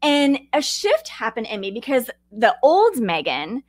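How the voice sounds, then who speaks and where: A woman, hosting a podcast. She teaches in a chatty, animated way, mixing lessons with personal stories and talking straight to her listeners. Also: on the high side, measured pace, dry recording. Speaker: podcast host.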